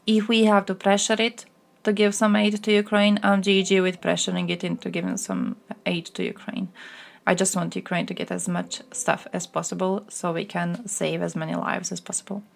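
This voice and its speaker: A woman's voice: lowish voice, moderate pace, gravelly. A young woman from the Balkans, live-streaming casual chat, reacting to news and chat with crude jokes and frequent laughter. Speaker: livestreamer.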